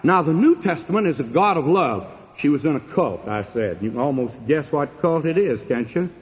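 A man preaches with sweeping emphasis, booming one moment and dropping low the next. His voice sits fairly high for a man. It comes through a thin, phone-like recording with a long reverb trailing off the walls of a big hall. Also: animated, brisk. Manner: emphatic, sweeping swings between loud and hushed. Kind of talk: sermon. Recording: tinny narrow-band sound with long hall reverb.

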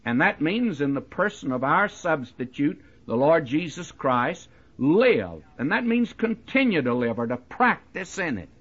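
A man's voice: a little high, sing-song, measured pace, hardly any pauses, fairly bright tone, slightly rough. A man preaching a verse-by-verse Bible teaching, talking straight to his listeners and hitting key words hard. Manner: conversational, addresses listeners directly with "you see" and "my friend"; emphatic, leans into key words. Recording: dull lo-fi recording.

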